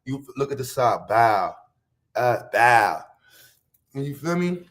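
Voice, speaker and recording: A man from Harlem, hosting a casual livestream rant full of profane, boastful street slang and loud bursts. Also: medium pitch, sing-song, unhurried. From Harlem, New York. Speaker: livestream host.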